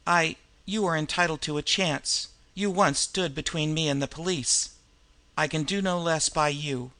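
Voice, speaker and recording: A man's voice: on the high side, moderate pace, sharp tone. A man reading the part of a resolute young woman who speaks hurriedly and breathlessly, giving tense orders. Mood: steady.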